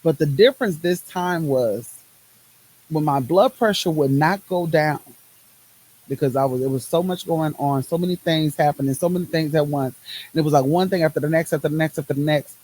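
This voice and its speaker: Recorded on a phone in low quality, this woman's deep, slightly mellow voice moves a little fast. A podcast host who works in medicine, she talks about her own life emphatically, looping phrases in rhythmic repetition and dropping casual Southern words such as "y'all."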